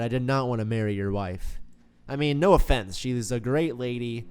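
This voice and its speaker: A man's voice: medium pitch, moderate pace, a little mellow, smooth, faint music behind. A man hosting a let's play, chatting casually through his gameplay in a playful, joking way that swings into mock melodrama.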